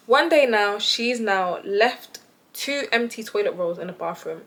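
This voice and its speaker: A woman's voice: on the high side, lively intonation, moderate pace, a bit bright. A young woman talking to camera, telling a story in a chatty, exasperated way and often addressing her viewers. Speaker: vlogger.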